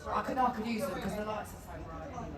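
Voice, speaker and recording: A woman's voice: medium pitch, rapid-fire, heavy background noise. A woman bantering cheekily with a crowd from the stage, swearing and laughing. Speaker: singer performing on stage. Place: large concert arena. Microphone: handheld stage mic via PA. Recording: crowd phone video, distant and echoey, loud crowd. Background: loud roaring crowd.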